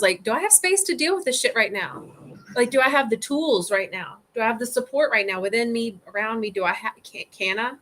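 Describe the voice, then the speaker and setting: A woman with a somewhat high voice leads a casual group discussion. She talks in an animated, conversational way, acting out the voices in her head and swearing freely. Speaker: group facilitator.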